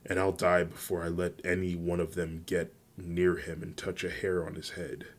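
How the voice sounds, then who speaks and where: A man voicing a fierce, loyal young woman who guards a friend, in a steady, low reading. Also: normal speed.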